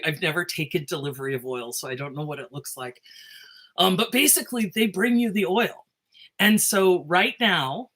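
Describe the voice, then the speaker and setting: A woman teacher talking casually to her students in a video made on her phone, excitable and animated, often breaking off and laughing. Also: fairly low pitch.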